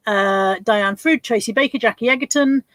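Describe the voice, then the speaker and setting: A woman hosting a casual livestream from her home desk, chatting and reading out viewer names in quick lists. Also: a little high, fairly bright tone, slight background noise. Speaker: livestream host.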